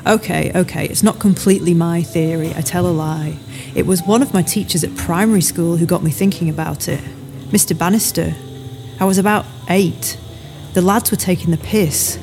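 A woman's voice: lowish voice, normal speed, gravelly, a little mellow, faint music behind. A woman reading an audiobook, voicing a blunt, teasing adult woman who tells stories. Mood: storytelling. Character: brash chatty adult woman storyteller. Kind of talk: audiobook character voice.

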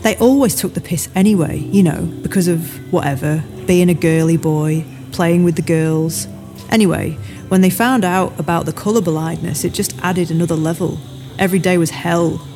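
A woman's voice: lowish voice, normal speed, music in the background, close to an everyday voice. A woman reading an audiobook, voicing a blunt, teasing adult woman who tells stories. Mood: storytelling. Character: brash chatty adult woman storyteller. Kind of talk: audiobook character voice.

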